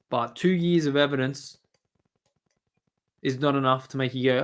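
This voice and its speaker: A man's voice: medium pitch, steady tone, moderate pace, long pauses, a bit bright. A man with an Australian accent chatting and ranting casually on a stream, swearing often. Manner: ranting, swearing, mumbling asides. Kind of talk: casual profane stream chat.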